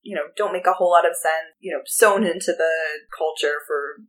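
A woman's voice: on the low side, brisk, low-quality recording. A woman co-hosting a podcast, chatting about a book in a rambling way with many fillers. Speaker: podcast co-host. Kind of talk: casual book-club chat.

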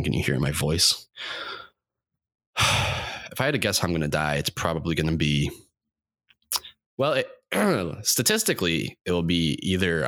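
A young man with a very low voice rambles through a comedic podcast monologue, deadpan and self-deprecating. His tone is bright and pressed, recorded close and dry with no room around it. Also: no echo. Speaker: podcast host.

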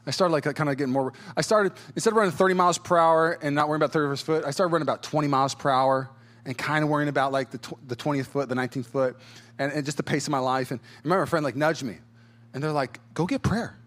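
Speaking a little high and at a racing clip, this male pastor tells a lively personal story from the pulpit. He acts out quoted lines in assorted voices and keeps chuckling along the way.

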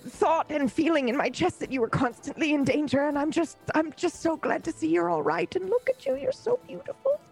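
Give me a sobbing, doting old witch, acted by a woman with a high, swooping voice. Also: lively intonation, brisk, gravelly, hardly any pauses, darkish tone, faint music behind, rough recording. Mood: tearfully gushing. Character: tearful old female witch, doting and warm.

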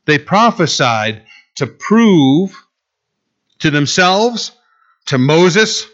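A man delivers a sermon in a loose, talking style, tossing in sarcastic asides. His voice sits a little high for a man. The recording sounds muffled and lo-fi. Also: very animated, drawn-out words, a bit bright. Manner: conversational preaching, sarcastic asides. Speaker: pastor.

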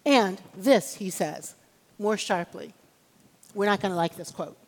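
A woman's voice: medium pitch, a little slow, long pauses. A woman preacher delivering an emphatic, rhythmic sermon and calling on the congregation for amens. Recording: long reverb of a large hall.

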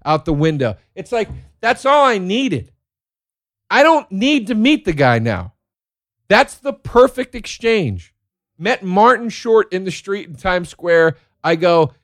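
A man who is a comedian telling stories in a casual monologue, excitable and profane, laughing as he talks. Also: high-pitched, unhurried, no room sound, studio quality. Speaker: stand-up comedian.

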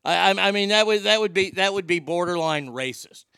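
A man's voice: sits high, animated, a little fast, vocal fry, sharp tone, slight background noise. A man from Oklahoma hosting a livestream, reading out viewer comments with jokes and banter. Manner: bantering, joking, reads comments aloud. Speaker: livestream host.

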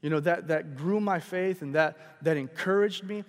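A man preaching a sermon, telling a personal story in a casual, animated way with many fillers and restarts. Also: a little high, normal speed. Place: large church hall. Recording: long hall reverb.

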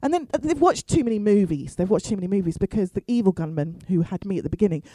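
A woman's voice: medium pitch, animated, quick pace, dark tone, no room sound, rough recording. A woman stand-up comedian telling a story with wry asides and free swearing. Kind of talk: comic storytelling.

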